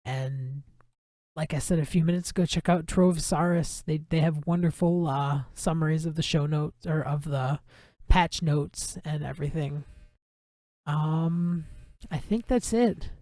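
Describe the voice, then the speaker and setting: Laid-back podcast guy, lots of ums, slow talker, dry close sound. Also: on the high side, no echo. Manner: relaxed, many ums and uhs. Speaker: podcast host. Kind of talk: casual solo podcast chat.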